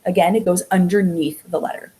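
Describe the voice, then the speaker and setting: A woman's voice: lowish voice, fairly even intonation, warm tone, poor audio. Woman teaching an online language class. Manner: patient, explaining step by step; drawn-out sounds when showing vowels.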